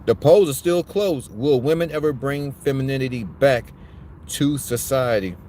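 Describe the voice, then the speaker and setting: A man holding forth as a commentary host, blunt and profane, with a preachy streak. His voice sits at an ordinary middle pitch. There is a faint hum of noise under him. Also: moderate pace, warm tone. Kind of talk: opinionated commentary rant.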